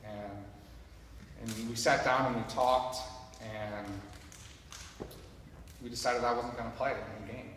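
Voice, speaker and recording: A man's voice: medium pitch, fairly even intonation, measured pace, long pauses, a bit bright, distant mic, a little hiss or hum. A man giving a motivational talk to a live audience, telling a personal story in an earnest, conversational way and speaking directly to the listeners. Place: large hall with an audience. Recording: echoey hall recorded from afar.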